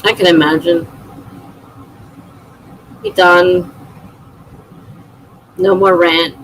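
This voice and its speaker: A woman's voice: on the low side, fairly even intonation, drawn-out words, slight background noise, poor audio. A middle-aged woman hosting a livestream, chatting casually and laughing often as she reads viewer comments aloud. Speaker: livestream host.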